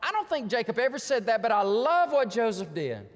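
A man's voice: extremely high pitch, big pitch swings, brisk, big-room sound. A man preaching a sermon as pastor, telling stories animatedly and acting out the voices of the people in them.

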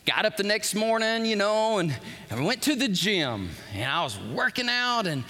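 Male pastor, high pitched, animated storyteller, booming hall reverb. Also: moderate pace. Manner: animated storytelling, acts out quotes. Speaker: preacher. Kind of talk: sermon.

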